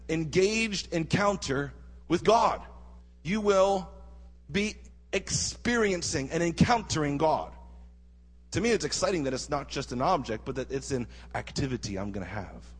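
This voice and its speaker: Husky-voiced man preaching in a hall. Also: mid-range voice. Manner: animated preaching with rhetorical questions to the congregation. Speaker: pastor. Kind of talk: sermon. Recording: husky voice with long hall reverb.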